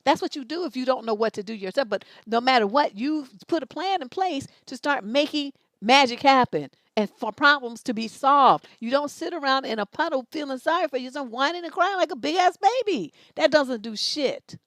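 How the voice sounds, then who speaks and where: Middle-aged woman, blunt swearing advice host, kinda high voice, dry. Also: animated, moderate pace, few pauses, a bit bright, no room sound. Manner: blunt, profane, scolding. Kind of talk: livestream advice commentary.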